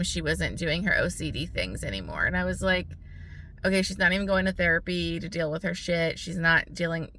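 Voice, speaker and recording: A woman's voice: on the low side, bright, forceful tone, slight background noise. A young American woman giving a blunt, frustrated book review, swearing often and filling her talk with "like". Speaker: book vlogger.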